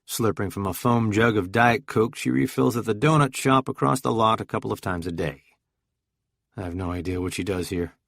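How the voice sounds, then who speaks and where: Gravelly man narrating a thriller. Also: on the low side, fairly bright tone, no room sound, studio quality. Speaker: audiobook narrator. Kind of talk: first-person thriller audiobook narration.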